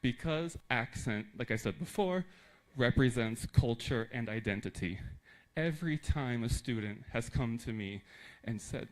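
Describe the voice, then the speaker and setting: A man from the United States giving a conference talk to teachers in a lively, emphatic way with joking asides. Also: medium pitch, normal speed, rough recording. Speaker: teacher trainer.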